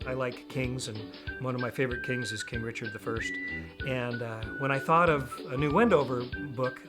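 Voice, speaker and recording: Man, an author answering with restarts. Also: mid-range voice. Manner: rambling, with many restarts. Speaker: children's author and falconer. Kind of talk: interview answers.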